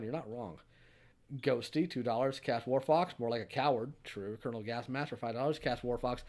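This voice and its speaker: A young man hosts a livestream, reading viewers' donation messages one after another. His voice sits in an ordinary middle range, and he answers each message with a quick, dry one-liner. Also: mid-range voice, a little mellow. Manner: reads messages aloud, answers with short dry quips. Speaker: streamer host.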